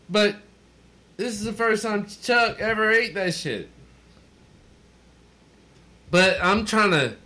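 A man's voice: sits high, pushed and bright. A drunk man hosting a podcast, telling a story in casual chat, acting out quotes and swearing a lot. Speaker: podcast host.

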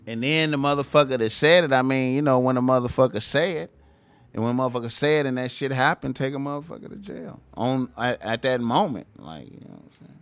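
A young man with a medium-pitched voice rants casually and profanely to camera at a fast clip, with no echo. He repeats himself and keeps adding "man" to the ends of his lines.

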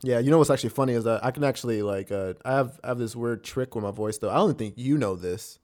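A man's voice: mid-range voice, fast, a little mellow. Laid-back young man chatting. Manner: laid-back, laughs often, swears casually. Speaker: podcast co-host. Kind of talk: casual chat.

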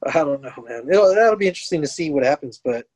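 A man co-hosting a casual political chat. He talks in a measured, even-tempered way and mostly agrees with his partner. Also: fairly high pitch.

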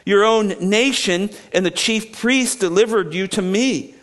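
A male pastor with a voice that sits high speaks at an unhurried pace while preaching an expository sermon. He's animated, acting out the people he quotes and frequently restarting his sentences.

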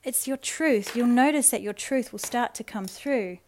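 A woman hosting a spiritual self-help podcast, speaking in a soft, earnest, coaxing way and slowing down for affirmations. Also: a little high, a little hiss or hum. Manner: addresses listener affectionately. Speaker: podcast host.

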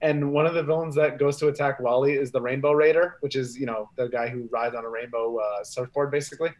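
Casting note: male podcast co-host, middle pitch, loose storyteller who acts out the quotes. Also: steady tone, fast, a little mellow. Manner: rambling retelling with quoted voices and laughs. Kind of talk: casual comic book chat.

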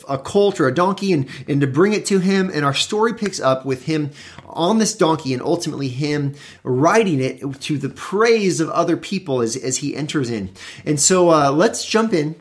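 A man who is a pastor, giving a conversational Bible teaching in a relaxed, explanatory way, with frequent fillers and restarts. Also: fairly high pitch. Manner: reads scripture aloud with rising emphasis.

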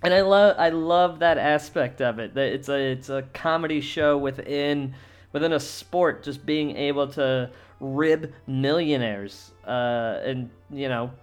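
A man's voice: mid-range voice, unhurried, clear, resonant tone, faint music behind. A man who is a stand-up comic hosts a casual comedy podcast, rambling with many fillers and restarts, and swearing freely. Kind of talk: casual monologue.

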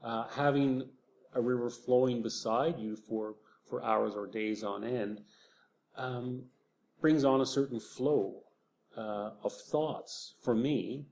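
A man, an author, speaking reflectively in an interview, soft-spoken and halting with frequent restarts. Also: medium pitch, steady tone, creaky.

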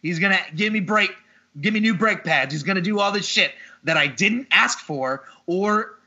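A podcast host tells a story in casual chat, sounding exasperated, expressive, and freely swearing at a normal speed. His voice is very bright and sits a little high, and the audio is slightly dull and lo-fi.

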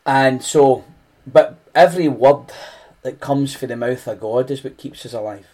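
A man's voice: medium pitch, a little slow, a little mellow. A man with a Scottish accent preaching a conversational sermon, earnest and often restarting phrases.

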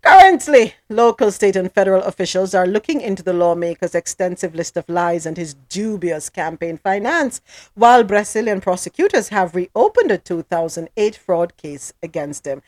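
A woman podcast host with a lively, swooping voice, recorded dry and close. She moves from reading news headlines into giggly, gossipy banter. Her pitch sits in a middle range. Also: moderate pace, dry recording. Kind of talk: casual news recap chat.

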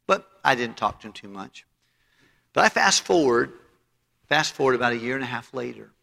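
A male pastor preaching with a gravelly, forceful voice. He is emphatic and tells stories, often restarting his phrases. His sermon rings with the long reverb of a church auditorium. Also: mid-range voice, expressive, normal speed.

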